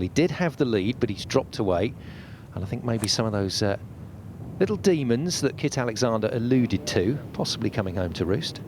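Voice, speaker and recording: A man doing measured, conversational play-by-play as a golf commentator on a broadcast. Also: lowish voice, background noise. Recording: music bed under the commentary.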